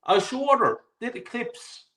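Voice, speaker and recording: High, bright-voiced man in his forties ranting. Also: very animated, takes it slowly. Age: 40s. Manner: emphatic, swears often, repeats himself for stress. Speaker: guest on a fan call-in show. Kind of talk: impassioned live show rant.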